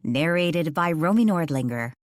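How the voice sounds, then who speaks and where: A woman narrating a ghost mystery audiobook in a measured, suspenseful way on a close studio mic. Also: deep voice, lively intonation, no room sound. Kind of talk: scripted narration.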